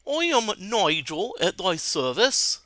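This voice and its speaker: A man voicing a courteous noble male wizard in a video game, using a put-on British accent and speaking slowly. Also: high-pitched, sing-song, pushed and bright, no echo, clean studio sound, exaggerated voice. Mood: courtly. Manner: slow, polite, lilting.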